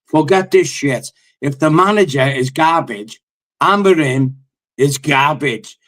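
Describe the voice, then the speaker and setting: Blunt, swearing football fan. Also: male voice, a little high, a little slow, fairly bright tone. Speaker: fan panelist. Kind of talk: heated fan call-in rant.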